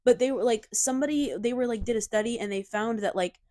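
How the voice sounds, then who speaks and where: A young woman co-hosting a podcast in casual chat, talking in an animated, emphatic way with lots of fillers on a cheap desk mic. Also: on the high side, quick pace, no echo, clean studio sound. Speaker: podcast co-host.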